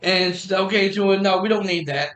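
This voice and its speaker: A man hosting a podcast stream, telling a long story in a halting way, restarting phrases and acting out what others said. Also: high voice, fairly bright tone, faint music behind, poor audio. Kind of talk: casual rambling storytelling. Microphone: streaming mic.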